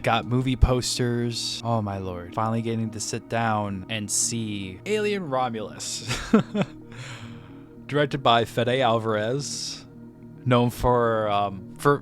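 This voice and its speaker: Recounting a trip to the movies, a male movie reviewer speaks casually at medium pitch. The story wanders, full of restarts and self-corrections, and he keeps laughing at himself.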